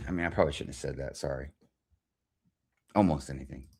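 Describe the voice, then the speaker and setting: A man's voice: rumbling low, quick pace, long pauses, a little mellow, husky. A man hosting a livestream, ranting casually in a rambling way and swearing constantly. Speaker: livestream host. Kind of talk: profane casual rant.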